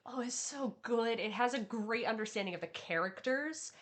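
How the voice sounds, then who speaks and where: A woman co-hosting a casual podcast, talking in a rambling, animated way with many fillers. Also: on the high side, normal speed. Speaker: podcast co-host. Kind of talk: casual anime chat.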